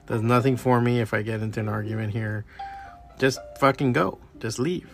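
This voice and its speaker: A middle-aged podcast host from the Miami area goes on a heated, profane solo rant, telling stories in an animated way. He speaks at normal speed in a mid-range voice with vocal fry, and faint music plays behind him.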